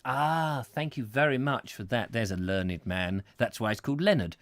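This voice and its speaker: A man's voice: medium pitch, lively intonation, moderate pace, few pauses, a bit bright, no echo, studio quality. A man hosting a comedy chat show, rambling playfully through viewer comments and slipping into silly voices. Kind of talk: rambling comic live-stream chat.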